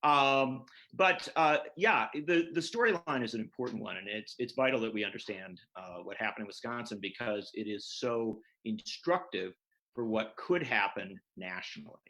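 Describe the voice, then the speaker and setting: A man's voice: on the low side, lively intonation, normal speed, pushed and bright, low-quality recording. A man, a political journalist, explaining at length and earnestly as a guest in an interview over a video call.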